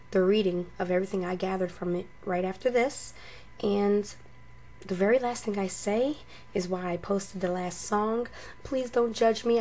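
A woman hosting a paranormal video, talking casually to viewers and slowly reading out short recorded phrases one at a time. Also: mid-range voice, a little mellow, a little hiss or hum. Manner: slow, halting, reads phrases one by one.

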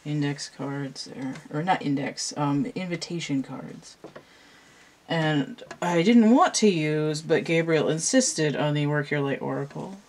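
A woman's voice: low voice, a little slow, darkish tone. Rambling woman talking to camera. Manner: rambling, hesitant, many fillers and restarts. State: slightly out of breath. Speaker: channel host and tarot reader. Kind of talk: casual show-and-tell talk to camera.

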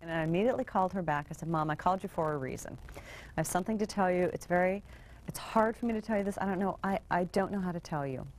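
A woman telling her own story in an interview, quick and halting, acting out quoted dialogue. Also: fairly low pitch, slight background noise. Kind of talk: personal storytelling.

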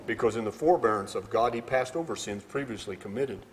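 A man's voice: on the low side, a little fast, slight background noise. Man preaching in a reverberant hall. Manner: swings from quiet to loud, emphatic preaching. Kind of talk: sermon.

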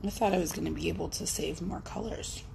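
A woman's voice: on the low side, quick pace, creaky, background noise. A young woman chatting casually as she works on art during a live stream, rambling and playful, often talking to herself. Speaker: artist livestreaming. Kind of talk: casual chat while working.

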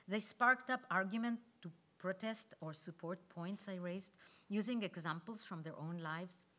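A woman and conference speaker reading her own memoir aloud, measured and reflective, with pauses. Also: lowish voice, fairly bright tone.

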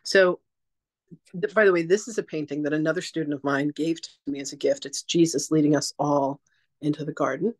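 Chatty woman, animated spiritual teacher. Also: low-pitched, fairly quick, low-quality recording. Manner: chatty, animated storytelling with put-on quotes. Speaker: psychic teacher. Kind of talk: casual masterclass talk.

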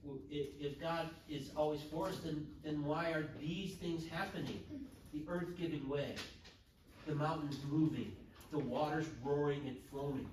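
A man's voice: a little high, normal speed. A man teaching a church confirmation class, asking the students questions and acting out the voices in the story. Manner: animated, acts out story voices. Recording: echoey room from far off, noisy.

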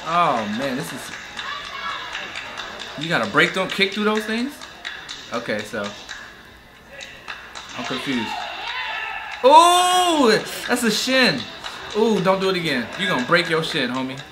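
Young male reaction host, lively and a touch high, slangy, clear music underneath. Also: slow pace, pauses often. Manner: loud excited exclamations and laughter while watching; slangy, repeats "man" at phrase ends. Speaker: sports reaction channel host. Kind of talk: casual reaction commentary.

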